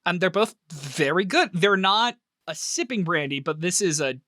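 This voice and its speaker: Animated, bright-voiced male game master. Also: high-pitched, normal speed, dry recording, studio quality. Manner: animated, laughs often while narrating. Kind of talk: narrating a tabletop game.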